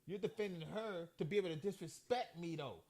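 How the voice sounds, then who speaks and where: A man's voice: sits high, brisk, darkish tone. A man in a heated live debate, speaking emphatically and assertively, repeating his points.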